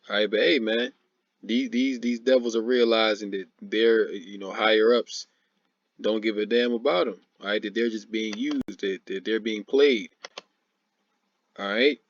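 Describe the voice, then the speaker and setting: A man delivers informal preaching commentary, laughing often and peppering his talk with "man" and "all right." His voice sits low. The recording is dry and somewhat dull and lo-fi. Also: fairly even intonation, measured pace, no echo. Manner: reads scripture aloud. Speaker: religious commentator.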